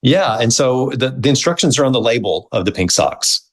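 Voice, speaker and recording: A middle-aged man, a guest on an interview show, telling his story in a casual, animated way and acting out the quoted dialogue. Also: medium pitch, a little fast, low-quality recording. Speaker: guest, movement founder.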